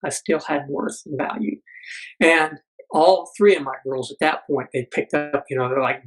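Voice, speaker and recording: Middle-aged male guest, husky tone, earnest storyteller with restarts. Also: a little high, fairly even intonation, moderate pace, low-quality recording. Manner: earnest, frequent restarts, acts out quoted dialogue. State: blind military veteran. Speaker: podcast guest. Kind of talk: personal storytelling in conversation.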